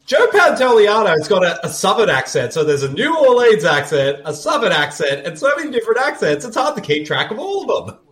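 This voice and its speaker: A man's voice: high-pitched, big pitch swings, a bit bright. A man co-hosting a casual movie commentary, joking and laughing often. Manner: jokey, laughing, quick asides. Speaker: podcast co-host. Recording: roomy echo.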